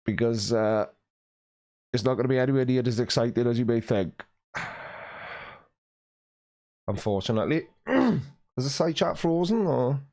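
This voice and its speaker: Welsh male streamer, chatty and teasing, reads chat aloud, frequent throat-clearing. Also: mid-range voice, normal speed, long pauses, a little mellow. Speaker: live stream host. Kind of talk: casual live stream chat, reading out viewer comments. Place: warm room at home, at his desk.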